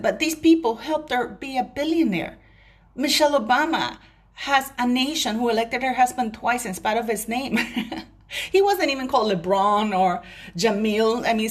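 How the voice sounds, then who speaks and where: A woman vlogger delivering an emphatic opinion rant straight to her viewers, breaking off now and then to apologize for ranting. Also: fairly high pitch. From Commonwealth country.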